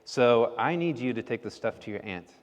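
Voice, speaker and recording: A man doing a brisk, bossy mom. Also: mid-range voice, animated, highs cut off, natural voice. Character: busy mother giving her child chores. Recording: echoey hall.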